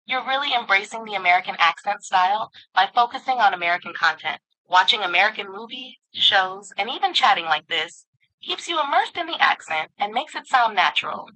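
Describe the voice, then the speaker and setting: A woman's voice: mid-range voice, sharp tone, low-quality recording. A synthetic woman's voice of an AI assistant, speaking in a polished, upbeat and affirming way. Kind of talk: synthetic conversational assistant speech.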